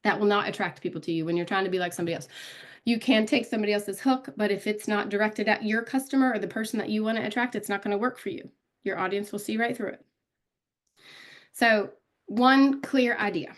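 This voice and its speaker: A woman's voice: mid-range voice, a little fast, a bit bright. A woman giving a casual live online training on social media, talking directly to viewers and calling them out by name. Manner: chatty, calls out viewers by name.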